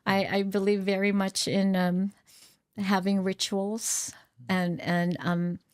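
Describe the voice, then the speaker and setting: A woman's voice: mid-range voice, flat delivery, slow pace, dry recording. Earnest middle-aged woman, dry sound. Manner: earnest, reflective, with many fillers and restarts. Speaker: podcast guest, author. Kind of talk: candid conversational interview.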